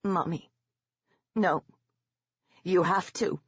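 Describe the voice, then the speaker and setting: A woman's voice: lowish voice, very slow, slightly rough, dry recording, highs cut off, full character voice. A woman narrator voicing a dying sixteen-year-old girl who pleads with her mother in a cracking voice. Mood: pleading.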